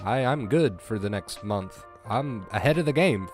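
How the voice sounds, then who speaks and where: A man's voice: lowish voice, expressive, moderate pace, soft background music. Emotional male streamer, voice breaking. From US East Coast. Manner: emotional, effusive thanks to viewers. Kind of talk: casual live-stream chat.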